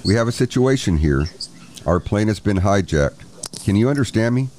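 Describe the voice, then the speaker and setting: A man reading the part of a frightened male airline passenger who speaks in a hushed, urgent voice. His tone sits somewhat above the reader's usual deep register. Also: lively intonation, normal speed, a little hiss or hum, lightly acted.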